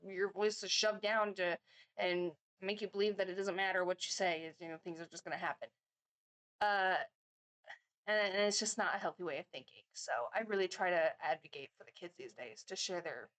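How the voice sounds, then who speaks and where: Woman, 30s, reaction vlogger; chatty rambler, fillers and restarts, mid-pitched. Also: fairly bright tone. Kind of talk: casual chat.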